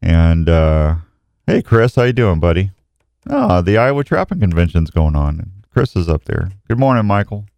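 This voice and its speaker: Man, middle-aged, folksy talk-show host, grieving, slow and halting, very deep voice. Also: sing-song, gravelly, a little mellow, dry recording. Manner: folksy, grieving, speaks slowly with pauses. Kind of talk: casual talk show chat.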